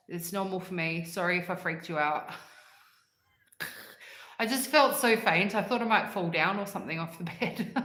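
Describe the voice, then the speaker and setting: A woman's voice: on the low side, a bit bright, echoey room. A woman hosting a livestream, chatting casually and answering live comments in a rambling way and laughing often. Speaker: livestream host.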